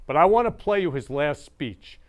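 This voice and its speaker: Effusive man hosting, high and smooth. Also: expressive, moderate pace. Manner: effusive, repeats "I love you" over and over. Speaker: show host. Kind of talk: casual show monologue.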